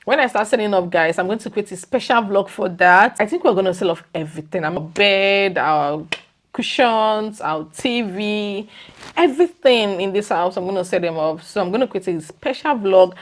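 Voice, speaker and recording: A young woman vlogging casually to her viewers, animated and exclamatory, her voice leaping up when she makes a point. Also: moderate pace. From lives in the UK. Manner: animated and exclamatory, leaps up in pitch when emphatic. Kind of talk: casual vlog chat.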